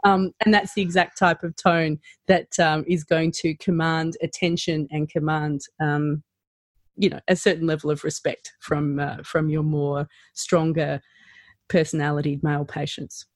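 A woman with a fairly low voice talks in a lively, casual way and slips into firm, clipped voices to make her point. She is a trainer of practitioners, and the sound is dry and close, with no room around her. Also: moderate pace, dry recording. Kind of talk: casual chat.

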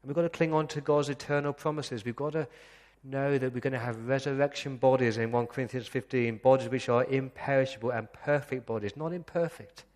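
A man preaching a sermon as pastor, earnest, slowing down to read scripture passages aloud. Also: mid-range voice, fairly even intonation, darkish tone, long reverb tail. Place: church.

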